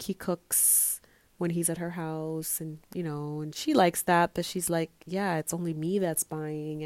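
A woman casually telling a friend's story, chatty and animated, acting out the quoted lines. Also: on the low side, creaky, no echo.

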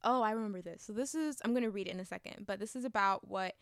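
A woman's voice: mid-range voice, quick pace, clean tone, no room sound, clean studio sound. A young woman chatting casually in a book review, gushing and talkative, with lots of fillers and restarts.

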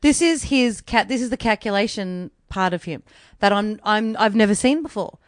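A woman's voice: mid-range voice, animated, normal speed, dry recording. Aussie woman on a podcast, telling a story, swears a lot, acts out quotes, dry close mic. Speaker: podcast co-host. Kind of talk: casual chat.

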